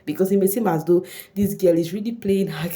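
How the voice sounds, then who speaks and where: A woman talks in a loose, chatty gossip style, often breaking into exclamations. Her voice sits low and sounds mellow rather than bright. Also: brisk. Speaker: vlogger recapping a reality show. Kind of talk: casual gossip commentary.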